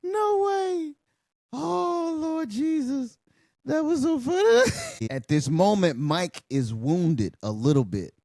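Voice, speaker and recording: This is a man hosting his own film reaction, swearing as he talks over the scenes. He takes his time, and his voice swings from low to high in big jumps. The sound is dry and close, with no room echo. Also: slow pace, gravelly. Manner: excitable, swears freely, bursts into loud laughter. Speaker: channel host.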